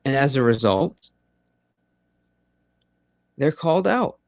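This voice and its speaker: A man's voice: medium pitch, animated, slow, a little mellow, no room sound, clean studio sound. A man hosting a live late-night audio chat room, rambling and swearing freely as he talks straight to his listeners. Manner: profane, rambling and conversational.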